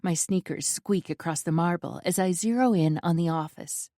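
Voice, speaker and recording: A woman's voice: lowish voice, moderate pace, dark tone, no echo, clean studio sound. A woman narrating a first-person romance audiobook with intense, emotional delivery.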